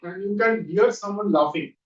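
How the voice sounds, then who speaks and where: A man leading a guided visualization exercise as a trainer, coaching with quick repeated questions. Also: high voice. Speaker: NLP trainer. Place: training room. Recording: dull echoey room audio from far off.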